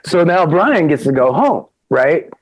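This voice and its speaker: A man speaking as a podcast guest, telling an animated anecdote about his old TV crew days and acting out the people in it. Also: fairly high pitch, measured pace, no echo, muffled recording. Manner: lively storyteller, acts out quoted people.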